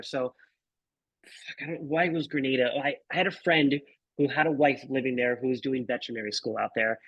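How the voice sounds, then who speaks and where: A man's voice: mid-range voice, fairly quick, fairly bright tone, dry recording, dull audio. A man in his thirties telling a travel story in a casual interview, laid-back, swearing and calling people dude and bro. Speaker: guest photographer.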